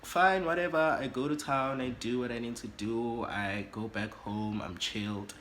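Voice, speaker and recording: A man, telling a story on his vlog in an animated, dramatic way. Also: normal speed, a little hiss or hum. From South Africa. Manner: animated and dramatic, swoops high in pitch for effect. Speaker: YouTuber.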